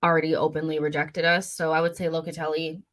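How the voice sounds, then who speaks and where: A woman's voice: deep voice, flat delivery, fast talker. A young woman hosting a casual fan livestream, rambling and chatty with lots of fillers as she reads out viewer comments. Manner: chatty, rambling, many fillers and self-corrections. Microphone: studio mic at a desk.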